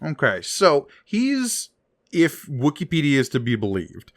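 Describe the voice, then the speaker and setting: A man's voice: a little high, wildly swooping pitch, unhurried, no echo. A man co-hosting a podcast, casually explaining story details and reading captions aloud. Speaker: podcast co-host. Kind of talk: casual comic book discussion.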